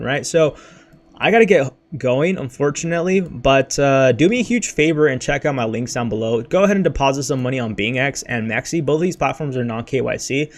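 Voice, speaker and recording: Young guy streaming from his bedroom, super hyped on caffeine, kinda out of breath, rambles fast with lots of dude and bro, middle-pitched voice. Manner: hyped, rambling, says freaking and dude a lot. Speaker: crypto livestream host. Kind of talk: casual livestream chat.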